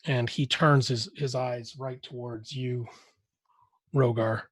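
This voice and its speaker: Man, game master, narrating a fantasy battle, halting descriptions, dry close sound. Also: mid-range voice, fairly even intonation, dry recording. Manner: hesitant, many restarts while describing.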